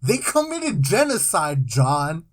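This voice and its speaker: A young man co-hosts a podcast at an unhurried pace, his pitch rising and falling widely. He delivers absurd facts in a deadpan way, with the odd weary sigh. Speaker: podcast co-host. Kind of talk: casual chat.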